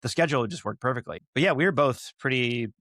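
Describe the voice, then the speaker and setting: A man speaking as a podcast guest in casual chat, telling stories in an animated way and laughing easily. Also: mid-range voice, fast talker, dry recording, clean studio sound.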